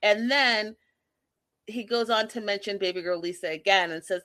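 Sassy woman recapping with bright close voice. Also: medium pitch, moderate pace, no echo. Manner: animated, sassy, addresses viewers as y'all, acts out quotes. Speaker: reality TV recap vlogger. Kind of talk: casual commentary recap.

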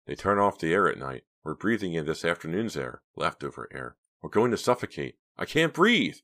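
A man's voice: extremely low pitch, animated, fairly quick, pushed and bright, dry recording, clean studio sound, heavily acted. A man voicing a nervous teenage girl in a storybook reading, talking in tense whispers. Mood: anxious.

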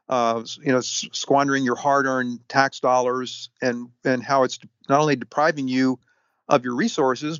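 A man answering interview questions at length, halting often with fillers and restarts. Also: mid-range voice, a bit bright, no echo. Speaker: historian guest. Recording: dull, lo-fi sound.

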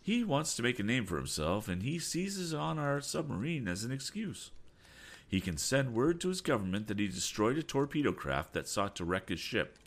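Casting: a steely sea captain, measured and grave, read by a man for a storybook, lively pitch. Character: steely, calm middle-aged sea captain.

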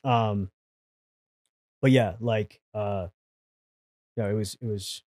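Animated, swearing male storyteller, dry sound. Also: fairly low pitch, slow, dry recording. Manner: animated, swears freely, acts out quotes. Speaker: podcast guest, producer. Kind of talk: casual storytelling.

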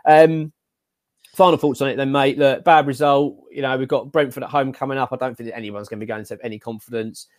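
A man from England co-hosting a casual football podcast, giving animated, exasperated opinions and calling his co-host mate. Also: mid-range voice, fast, dry recording, studio quality.

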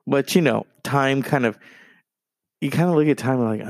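A man's voice: mid-range voice, normal speed, vocal fry, long pauses, a little mellow, dry recording. A man in his late thirties hosting a solo podcast, rambling and gossiping with plenty of swearing. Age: 30s. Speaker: podcast host.

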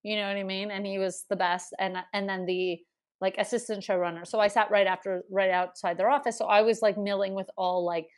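A woman's voice: medium pitch, a little fast. A woman in her thirties chatting casually, rambling through stories with lots of fillers. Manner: rambling, animated storytelling with many fillers. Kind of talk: casual chat.

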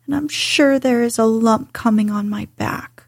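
A woman voicing a sickly, spoiled young boy, sulky and self-pitying, in a breathy whisper. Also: on the high side, a little slow, dry recording, studio quality, full character voice. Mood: petulant.

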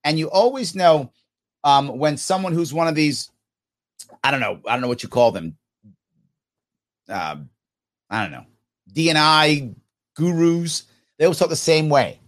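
A man's voice: fairly high pitch, very animated, moderate pace. A man hosting a podcast, giving emphatic, opinionated commentary on listener comments with sarcastic asides.

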